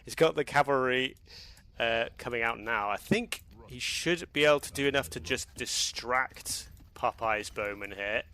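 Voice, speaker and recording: A man's voice: medium pitch, unhurried, pushed and bright, clear, resonant tone. A man doing casual live commentary on a strategy game match, rambling loosely and laughing often. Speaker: esports commentator.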